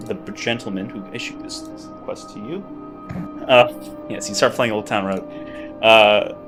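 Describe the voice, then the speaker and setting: A man narrating a tabletop game as game master, in loose narration full of fillers. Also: lowish voice.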